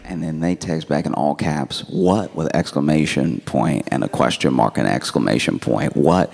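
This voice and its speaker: A man telling a stand-up story on a comedy club stage, laid-back and deadpan, acting out text messages. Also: a bass voice, moderate pace, creaky, slight background noise. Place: comedy club stage before a laughing audience.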